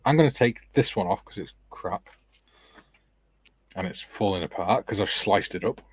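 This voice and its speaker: A man's voice: fairly low pitch, normal speed, breathy edge, no echo. A middle-aged man hosting a casual modelling livestream, reading out viewer comments and joking with friends. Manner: reads out viewer comments, jokey banter. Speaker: livestream host and scale modeller.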